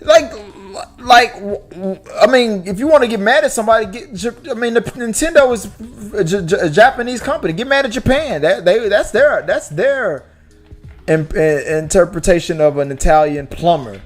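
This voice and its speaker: A man's voice: sits high, normal speed. Chatty man hosting a movie podcast. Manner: animated, restarts a lot. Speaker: podcast host. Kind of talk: casual movie talk.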